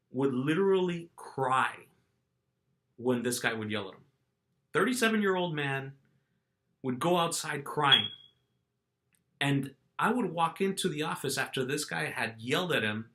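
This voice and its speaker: A man's voice: fairly high pitch, pushed and bright. A middle-aged man vlogging, telling a story casually and animatedly, acting out quotes and restarting his phrases.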